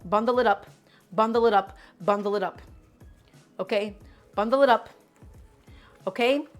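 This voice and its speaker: A woman's voice: medium pitch, moderate pace, soft background music. A woman hosting a live cooking show from a home kitchen. She gives emphatic instructions, repeats key steps and speaks straight to her viewers.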